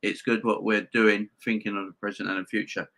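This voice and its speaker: Male streamer, lowish and sharp-toned, emphatic and repetitive, chatty with viewers. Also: level tone, a little fast. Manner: emphatic, repeats himself, addresses viewers as guys. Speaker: host of a football fan channel. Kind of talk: live-stream chat reading viewer comments.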